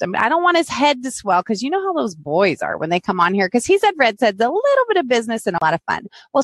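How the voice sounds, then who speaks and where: A woman's voice: fairly high pitch, no echo. A woman from the United States hosting a live podcast interview, playful and teasing in a bubbly way. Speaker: podcast host.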